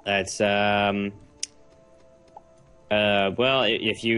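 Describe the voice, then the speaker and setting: A man's voice: lowish voice, fairly even intonation, slow, pauses often, a bit bright, clear, resonant tone, faint music behind. A young man from New England with a nasal voice and a New England American accent, chatting and giggling through a co-op game as a guest. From New England, United States. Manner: giggly and self-deprecating, rambling. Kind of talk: casual gaming chat.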